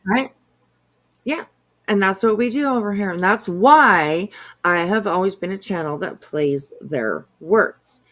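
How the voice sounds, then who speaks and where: A woman's voice: mid-range voice, unhurried, a bit bright. A woman hosting a live stream, chatting casually and greeting viewers. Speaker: stream host.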